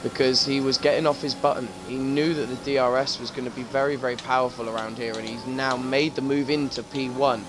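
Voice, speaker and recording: A man's voice: mid-range voice, level tone, brisk, hardly any pauses, background noise. A man commentating a sim racing league, joking and swearing as he talks. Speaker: race commentator.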